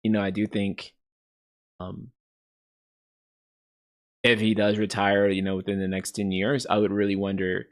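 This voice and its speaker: A man's voice: fairly low pitch, completely flat delivery, a little slow, long pauses. A man in his thirties hosting a livestream, chatting casually and rambling with lots of fillers. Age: 30s. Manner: rambling, many fillers like "you know" and "like". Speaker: streamer host.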